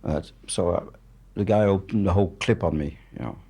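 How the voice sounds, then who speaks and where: A man's voice: low voice, brisk, vocal fry, dark tone, breathy edge. A man in his seventies from France, speaking English with a French accent as a guest, telling stories bluntly and matter-of-factly. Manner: blunt, matter-of-fact, swears freely. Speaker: guest, war journalist. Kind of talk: candid storytelling in conversation.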